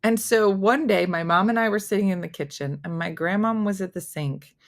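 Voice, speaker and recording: A woman's voice: mid-range voice, fairly quick. A middle-aged woman hosting a casual morning chat show, telling family stories and acting out the voices in them. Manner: animated, acts out voices in her stories. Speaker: morning show host reading viewer comments.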